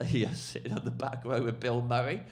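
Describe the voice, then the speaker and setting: A man's voice: mid-range voice, creaky. A man, a comedian guest, telling a story with laughing asides at a live podcast show. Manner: animated, laughing, quick asides. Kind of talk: comic storytelling. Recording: noisy live podcast recording.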